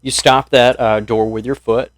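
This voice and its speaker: A man's voice: mid-range voice, little pitch movement, normal speed, no echo. A man acting as game master, calling for dice rolls and describing the scene. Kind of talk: running a tabletop game.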